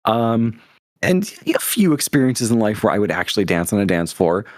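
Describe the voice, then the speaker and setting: Man, young adult, low pitch, dry recording, casual storytelling, enthusiastic, rambling. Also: sing-song, normal speed, no echo. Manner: enthusiastic, rambling, many fillers and restarts. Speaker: podcast guest.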